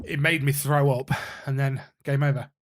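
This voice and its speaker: A man co-hosting a podcast, chatting casually with excitable, sweary, joking rants. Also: mid-range voice, normal speed. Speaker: podcast co-host.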